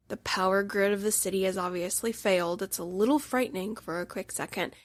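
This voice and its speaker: A woman's voice: medium pitch, gravelly, no room sound. A woman hosting a podcast, reviewing a film in a gushing, emphatic monologue and now and then dropping into a whisper for emphasis. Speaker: podcast host.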